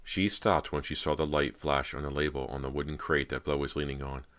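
A man narrating a horror audiobook in a measured, steady reading. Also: extremely low pitch.

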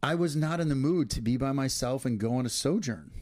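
A man's voice: medium pitch, fairly quick, darkish tone, dry recording, clean studio sound. A man co-hosting a casual couple's podcast, talking earnestly and reflectively, often restarting his sentences. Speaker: podcast co-host.

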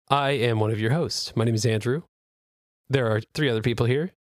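A man's voice: medium pitch, fairly quick, no echo, studio quality. A man hosting a casual podcast, joking, self-mocking and swearing freely. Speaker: podcast host.

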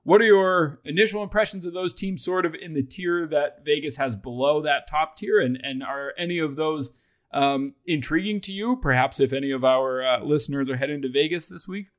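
A man with a slightly high voice hosts a sports talk show. His delivery is loose, chatty and easygoing, full of asides as he walks through the betting odds. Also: moderate pace. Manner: chatty, loose, self-deprecating. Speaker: podcast host. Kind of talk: casual sports chat.

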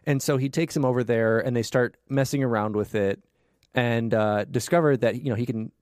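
Male co-host, middle pitch, relaxed filler-heavy chat, dry studio sound. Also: moderate pace, clean tone, no room sound. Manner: loose and conversational, many fillers. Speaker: podcast co-host. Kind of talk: casual chat.

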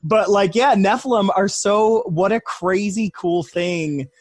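A man co-hosting a podcast talks eagerly and chattily, often breaking into laughter. His voice sits a little high for a man. The sound is dry and close. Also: measured pace, no echo. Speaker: podcast co-host. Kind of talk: casual interview chat.

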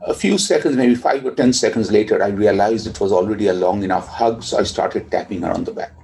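A man, a father, telling a tender personal story in a soft, reflective way. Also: lowish voice, a little fast, vocal fry, poor audio.

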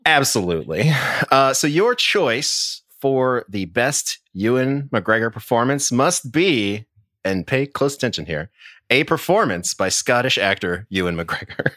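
A man's voice: medium pitch, lively intonation, a little slow, fairly bright tone, dry recording. Dry-sounding man with a wry delivery. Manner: wry, dry humor with chuckles. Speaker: podcast co-host. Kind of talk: casual podcast chat.

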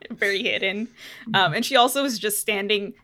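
A woman's voice: mid-range voice, normal speed. A woman playing a tabletop game, describing her character's actions with frequent laughter. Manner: giggly, animated, laughs often. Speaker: player. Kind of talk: casual tabletop role-play.

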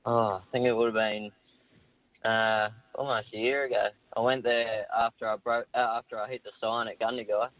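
Young Australian jockey on a phone line. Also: male voice, lowish voice, level tone, moderate pace, no echo. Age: young adult. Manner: modest, hesitant, many ums. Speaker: jockey guest. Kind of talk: phone interview.

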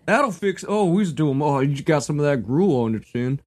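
A man voicing a crude, chatty peasant farmer man, a hospitable rustic, in a loud folksy falsetto while clowning in a casual chat. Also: expressive, normal speed.

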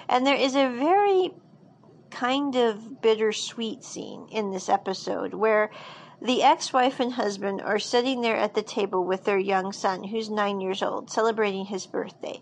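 A woman's voice: on the high side, rough recording. A woman casually recapping a drama episode, rambling with frequent fillers and restarts.

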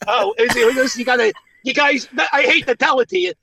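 A man's voice: very high voice, fairly quick, sharp tone, a little hiss or hum, poor audio. A man from Philadelphia calling in as a guest, trash-talking and gleeful in casual banter from outdoors. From Philadelphia, USA. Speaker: phone-in guest, superfan. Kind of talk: casual phone call banter. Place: outdoors in the woods. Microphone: phone.

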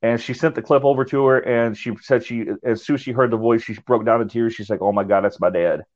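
A man of middle pitch tells a ghost-hunting story in a loose, rambling way. He often trips over his words and starts again. The audio sounds dull and lo-fi. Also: little pitch movement, quick pace. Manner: rambling, repeats and restarts words. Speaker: paranormal investigator. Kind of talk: casual storytelling.

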